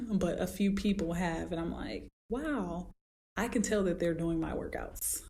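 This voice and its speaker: A woman hosting a solo podcast as a fitness trainer, talking casually and acting out her clients in high squeaky voices as she tells stories. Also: unhurried, vocal fry, slight background noise. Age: adult with a daughter. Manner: animated storytelling, acts out clients in high voices.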